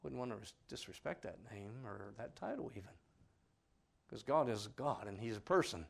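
A man preaching a sermon, emphatic and full of questions to his listeners, swinging between loud declarations and hushed asides. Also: fairly low pitch, animated, moderate pace, creaky.

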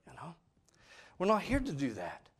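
A man preaching a sermon in a folksy, earnest way, swinging from loud stressed words to quiet asides. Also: fairly high pitch, wildly swooping pitch, normal speed, breathy edge. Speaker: father.

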